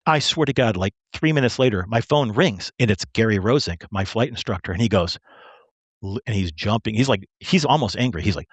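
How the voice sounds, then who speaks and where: A middle-aged man from Michigan, a retired police pilot telling stories as a podcast guest, animated and acting out the voices of people in them. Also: on the low side, brisk, breathy edge, no room sound. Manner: animated, acts out quoted voices. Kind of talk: casual storytelling.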